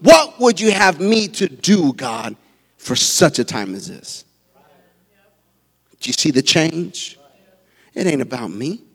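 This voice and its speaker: A male preacher giving a fervent sermon, swinging from quiet asides to shouted peaks. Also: a little high, very animated, takes it slowly, creaky, pauses often, slightly rough, long reverb tail.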